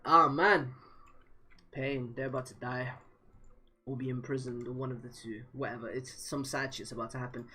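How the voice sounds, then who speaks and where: A young man streaming a live reading, reacting with emotional, swearing outbursts in a husky voice. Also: mid-range voice, flat delivery, a little fast.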